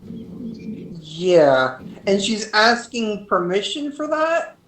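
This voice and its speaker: A woman's voice: medium pitch, very animated, very slow, reverberant, a little hiss or hum, rough recording. A woman player at a tabletop role-playing game, musing aloud and trailing off. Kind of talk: casual tabletop game chat.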